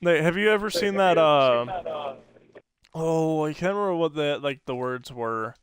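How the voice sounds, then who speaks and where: A man's voice: on the high side, expressive, measured pace. A man co-hosting a podcast, telling stories in a rambling casual chat full of fillers and laughs. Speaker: podcast co-host.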